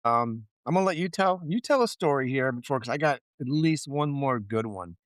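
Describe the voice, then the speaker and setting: Animated, swearing male podcast storyteller. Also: medium pitch, a little fast, dry recording. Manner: animated storyteller, swears freely, acts out quotes. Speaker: podcast co-host. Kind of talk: casual chat.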